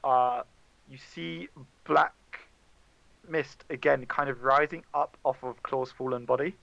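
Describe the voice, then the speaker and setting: A man's voice: mid-range voice, steady tone, a little slow, creaky, a bit bright, no room sound, dull audio. A man running a tabletop game as dungeon master, narrating casually with many fillers.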